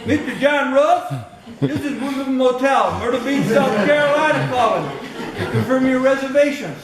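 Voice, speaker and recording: Guy doing a mumbly southern motel clerk, high voice, echoey hall far off. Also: moderate pace, a loud crowd. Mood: mock-polite. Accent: put-on American Southern. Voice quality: mumbled, higher than his own voice. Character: polite southern male motel clerk on phone. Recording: echoey hall, distant mic, noisy.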